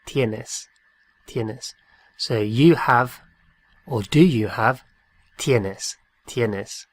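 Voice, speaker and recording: A man's voice: medium pitch, drawn-out words, no echo. A man teaching a Spanish lesson, patiently repeating each phrase and spelling words out letter by letter. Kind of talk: slow drilled language lesson.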